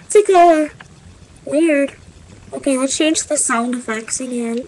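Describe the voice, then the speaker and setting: A woman's voice: high-pitched, unhurried, darkish tone. A woman joking around at home, her voice run through changing sound effects. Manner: playful, joking. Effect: shifting voice-changer effects. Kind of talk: casual play at home. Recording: noisy home recording.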